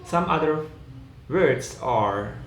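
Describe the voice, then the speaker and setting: A man teaching English word stress in a slow, explanatory lecture, often adding "yeah". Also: medium pitch, lively intonation. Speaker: pronunciation teacher. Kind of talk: recorded lecture. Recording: echoey room, faint ambient noise.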